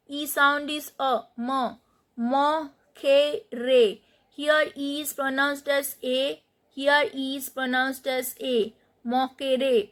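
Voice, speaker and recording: Slow, high-voiced woman teaching. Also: fairly bright tone. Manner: slow, spelling out letters and repeating words for learners. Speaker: French teacher. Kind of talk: spoken lesson on French pronunciation.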